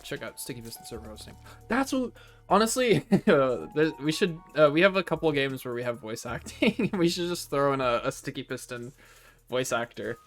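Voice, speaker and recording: Mid-pitched male host, laughing asides, light music behind. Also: sing-song. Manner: laughing, quick interjections. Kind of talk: casual chat on a livestream.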